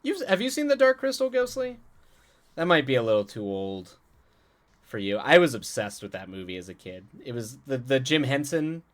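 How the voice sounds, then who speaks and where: A man hosting a live stream, chatting with viewers in a rambling, halting way full of restarts and chuckles, then reading a story aloud. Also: medium pitch, sing-song. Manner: answers chat directly, playful.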